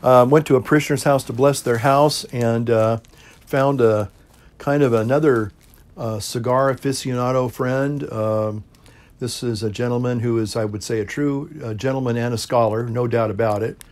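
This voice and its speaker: A middle-aged male priest talks casually to his viewers, relaxed and rambling, with plenty of fillers. He chuckles now and then and breaks off to puff on a pipe, his voice sitting at an ordinary middle pitch. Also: moderate pace. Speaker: priest and pipe-smoking video host. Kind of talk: casual talk to camera.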